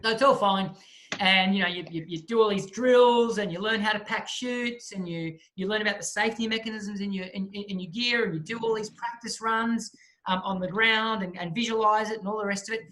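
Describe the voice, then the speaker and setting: A man, a guest speaker telling a lively story in a talk and acting out the people in it. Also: sits high, brisk, slight background noise. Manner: lively storyteller who acts out the voices of the people in his story.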